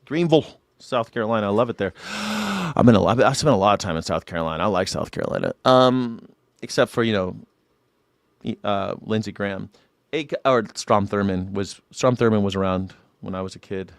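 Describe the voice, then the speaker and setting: A man's voice: lowish voice, moderate pace, creaky, dry recording, studio quality. An American man hosting a news reaction show, talking casually, rambling and swearing, often laughing. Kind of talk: casual live-stream reaction commentary.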